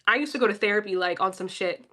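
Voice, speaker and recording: A woman's voice: medium pitch, fast talker, fairly bright tone. A woman from Philadelphia giving a casual, profane pep talk on a livestream and answering her chat. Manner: blunt, profane, talks straight to chat.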